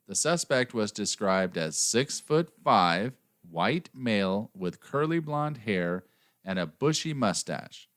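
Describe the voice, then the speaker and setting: A man's voice: fairly low pitch, no room sound, studio quality. A man co-hosting a podcast, reading out a case with jokey, wry asides. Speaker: podcast co-host and narrator. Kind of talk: casual podcast chat with scripted narration.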